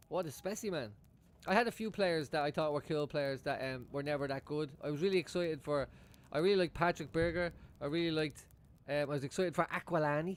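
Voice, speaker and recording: Male football-fan streamer, higher-pitched voice, loose rambling chat full of swearing and laughter. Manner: rambling, swears freely, chuckles often. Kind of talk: casual live-stream chat.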